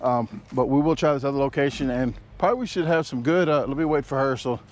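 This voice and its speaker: A man's voice: mid-range voice, quick pace. A man hosting a casual outdoor vlog, rambling and joking with lots of fillers, recorded on an action camera in the woods. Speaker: vlogger.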